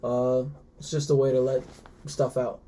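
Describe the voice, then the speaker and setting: Halting young man, very dark voice. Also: mid-range voice, flat delivery, a little hiss or hum. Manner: halting, many fillers and restarts, laughs often. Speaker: podcast guest. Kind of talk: casual podcast interview.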